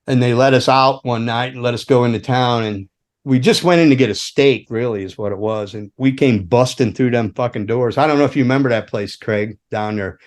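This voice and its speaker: Fairly quick and medium-pitched, a man who used to be a roadie tells road stories as a podcast guest. The chat is casual, and he swears freely while animatedly acting out the voices he quotes.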